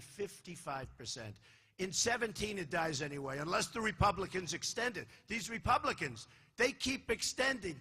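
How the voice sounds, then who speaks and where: Boastful older man shouting at a rally. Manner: boastful, repetitive, swinging from low asides to shouting. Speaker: political candidate speaking at a rally. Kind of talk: campaign rally speech. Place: large convention hall. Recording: live hall recording with faint crowd ambience.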